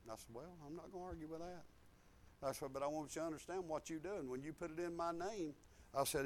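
Fifties male pastor, high-pitched, folksy storyteller who builds to loud emphatic preaching. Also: fast talker. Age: 50s. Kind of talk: sermon.

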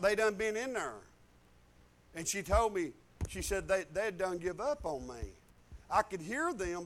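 A man, a pastor telling a testimony in a conversation, folksy and animated, chuckling as he goes. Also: on the high side.

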